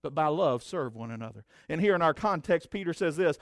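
Preacher, emphatic swings, dry close sound. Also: male voice, animated, fairly quick, hardly any pauses, no echo. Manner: preaches with swings from loud emphatic outbursts to low conversational asides. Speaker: pastor. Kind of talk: sermon.

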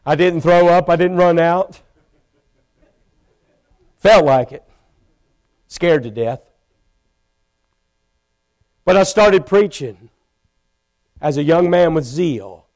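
A man preaching a sermon in a church, telling his own story with feeling and rising to loud pleading. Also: a little high, takes it slowly, long pauses. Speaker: pastor. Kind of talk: sermon testimony. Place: church sanctuary.

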